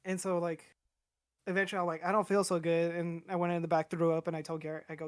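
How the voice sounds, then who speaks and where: A man's voice: a little high, little pitch movement, quick pace, dry recording, clean studio sound. A young man telling a long personal story on a podcast in a casual, rambling way, swearing freely and acting out what everyone said. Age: young adult. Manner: rambling, profane, acts out quoted voices.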